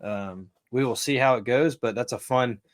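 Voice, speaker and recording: A man's voice: mid-range voice, normal speed. Teasing man co-hosting a podcast. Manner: teasing, joking, easygoing. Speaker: podcast co-host. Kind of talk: casual sports podcast chat.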